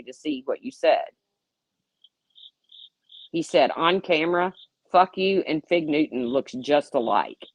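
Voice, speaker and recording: A woman's voice: a bass voice, no echo, low-quality recording. A middle-aged woman telling candid stories in a casual way, swearing freely and acting out what people said. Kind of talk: casual storytelling.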